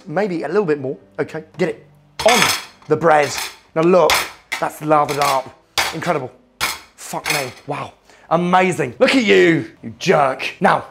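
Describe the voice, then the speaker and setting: A man putting on a hot-tempered celebrity chef, a foul-mouthed middle-aged man with a gravelly, slightly high voice. He keeps snapping "okay?" at the viewer and erupts into shouted tirades. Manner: swears constantly, keeps barking "okay?", bursts into shouting. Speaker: impressionist. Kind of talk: comedic cooking demonstration impression.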